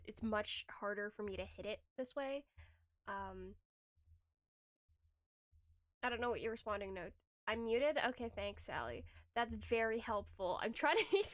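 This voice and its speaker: Young woman streamer rambling to chat, lots of giggles and restarts, kinda high voice, close mic. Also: a bit bright, dry recording. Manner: rambling, laughing, frequent restarts. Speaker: livestreamer. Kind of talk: casual stream chat reading chat. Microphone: desk microphone, close.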